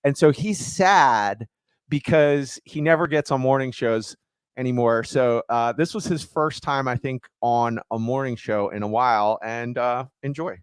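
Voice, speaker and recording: A man's voice: medium pitch, unhurried, smooth, dry recording. A man co-hosting a podcast in casual chat, stammering through restarts as he thinks aloud. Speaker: podcast co-host.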